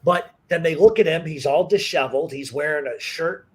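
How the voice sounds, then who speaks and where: Husky, profane storytelling man. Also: fairly high pitch, fairly quick. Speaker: podcast host. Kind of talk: casual storytelling chat.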